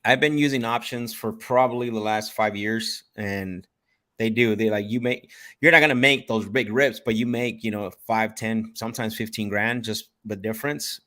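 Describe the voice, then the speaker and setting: Low voiced laid back guy on a video call, real estate investor, agreeable, says bro a lot. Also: steady tone, moderate pace, pushed and bright. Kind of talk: casual chat.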